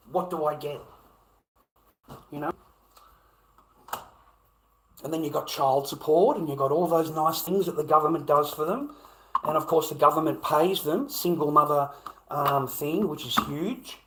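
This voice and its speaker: Rambling, swearing Australian man. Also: slight background noise. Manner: profane, repetitive, swings between loud rants and low mutters. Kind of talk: rambling monologue to viewers.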